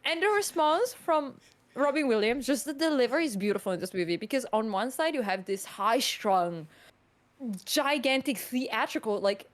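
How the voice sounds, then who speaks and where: A woman chatting casually on a podcast about films, animated and rambling, with lots of "like". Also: a little high, normal speed. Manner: animated, rambling, heavy use of "like".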